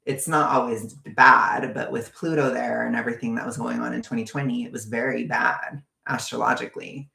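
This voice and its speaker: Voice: medium pitch, steady tone, brisk, gravelly, bright, forceful tone, roomy sound. A vlogger ranting in a casual, profane, exasperated way.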